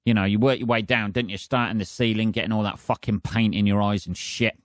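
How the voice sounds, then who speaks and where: A man hosting his own podcast from his flat, ranting casually with lots of swearing and sarcasm. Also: on the low side, fairly quick, dry recording, studio quality. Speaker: podcast host. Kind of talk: casual solo podcast rant. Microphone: decent home podcast setup.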